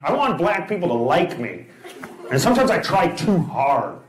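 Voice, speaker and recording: A man's voice: on the high side, big pitch swings, normal speed. A man doing a stand-up comedy set on a club stage, delivering dry one-liners and teasing the audience. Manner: crowd work, teasing the audience. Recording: loud noise over a live stage recording.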